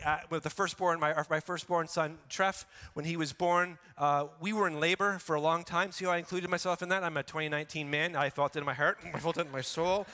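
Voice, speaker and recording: A middle-aged male pastor delivers a sermon in a high, bright, ringing voice. He is animated and often slips into acting out excuses with rapid repeated words. His voice carries a long reverb from a large church hall.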